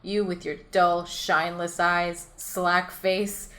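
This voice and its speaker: Fast-reading woman narrating an adventure. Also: on the low side, little pitch movement, sharp tone. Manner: rapid reading, often breaking into laughter at her own lines. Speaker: host and storyteller. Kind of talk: reading her own choose-your-own-adventure story aloud.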